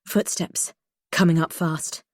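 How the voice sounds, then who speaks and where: A woman reading a first-person thriller audiobook in a tense, measured way. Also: deep voice, steady tone, no echo, clean studio sound. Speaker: audiobook narrator.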